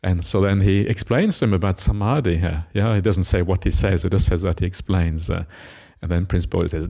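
A monk giving a Buddhist dharma talk, retelling a scripture story with many "uh" fillers and acted-out quotes. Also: male voice, low voice, a little fast, vocal fry, hardly any pauses, dark tone.

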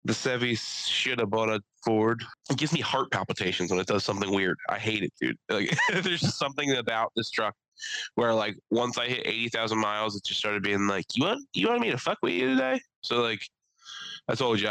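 A man's voice: lowish voice, a little fast, dry recording, poor audio. A man co-hosting a casual podcast, telling stories with lots of energy and slipping into exaggerated impressions. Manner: animated storyteller, slips into exaggerated impressions. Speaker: podcast co-host.

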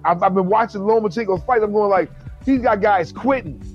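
A man in casual chat about fights, animated and profane, often acting out quotes. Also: sits high, fairly quick, highs cut off, faint music behind.

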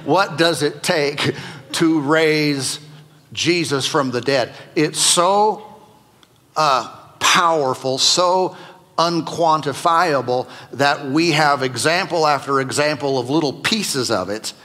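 A male pastor gives a sermon with a bright, forceful voice that rings with a long reverb through a church sanctuary. He keeps it conversational and jokes with his listeners between points. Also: on the high side, takes it slowly. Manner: conversational and joking with the congregation.

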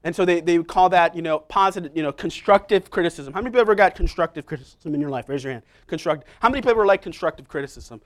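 A middle-aged man preaching a sermon in a church, telling personal stories in a conversational, self-deprecating way with quick asides to the congregation. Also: a little high.

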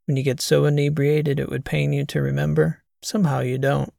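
A man reading the lines of a brisk, teasing young woman who is in charge, in a dry, matter-of-fact way. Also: a little high, flat delivery, creaky, warm tone, dry recording. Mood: wry matter-of-fact. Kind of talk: audiobook character voice.

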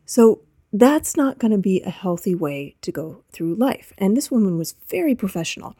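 A woman hosting a solo podcast as a coach, talking straight to the listener in an animated way. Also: mid-range voice, normal speed, no echo, studio quality. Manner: animated, speaks directly to the listener.

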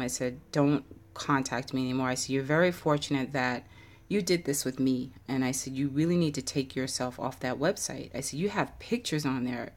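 A woman telling a personal story in a casual, animated way, with many fillers. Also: a bass voice.

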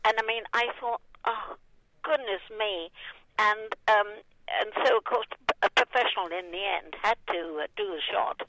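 An older actress as a guest, telling rambling stories full of fillers and laughter. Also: female voice, mid-range voice, normal speed, sharp tone, rough recording. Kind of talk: anecdotal interview storytelling.

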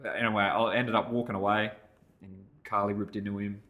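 Brisk and fairly low-pitched, an Australian man in his thirties co-hosts a podcast and shares a story conversationally. He performs the other people in it with animation, raising his voice for both parts.

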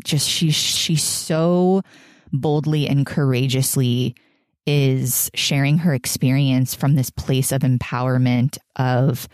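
A woman's voice: a bass voice, darkish tone, dry recording, clean studio sound. A woman in her thirties hosting a podcast, talking in an earnest, emotional and spiritual way and laughing often. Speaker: podcast host. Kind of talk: reflective podcast monologue.

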